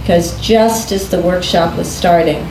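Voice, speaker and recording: A woman recounts a personal story at a slow, easy pace, taking her time between phrases. She laughs easily as she talks. The room around her is echoey, with a faint hiss behind. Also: lowish voice. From United States. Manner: unhurried, often breaking into laughter. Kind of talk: storytelling in conversation.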